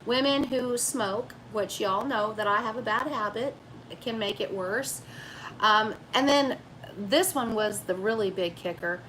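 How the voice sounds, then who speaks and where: A woman's voice: fairly high pitch, unhurried, fairly bright tone, a little hiss or hum, rough recording. A middle-aged woman, hosting a casual live stream. She reads comments from the chat and talks emotionally and emphatically, repeating words for stress. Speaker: vlog host reading live chat.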